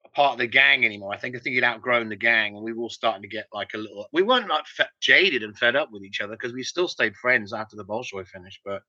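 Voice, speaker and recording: A middle-aged man, a musician, telling animated stories in a casual interview, with many restarts. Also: mid-range voice, fast, hardly any pauses, no room sound. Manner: rambling, animated anecdotes with restarts. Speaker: musician guest. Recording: dull, lo-fi dry sound.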